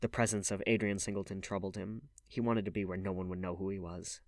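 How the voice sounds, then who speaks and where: A male audiobook reader with a low-pitched voice and a measured, even delivery. The sound is dry and close, with no room around it. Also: no room sound. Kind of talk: scripted audiobook narration.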